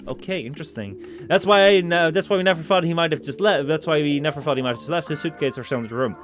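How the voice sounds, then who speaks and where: A man's voice: mid-range voice, fast talker, hardly any pauses. A young man, streaming a video game in casual, rambling chat full of jokes, and sometimes reading the game text aloud. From Netherlands. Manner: rambling and joking, lots of 'like' and 'dude', reads game text aloud. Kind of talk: casual gaming commentary. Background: soft background music.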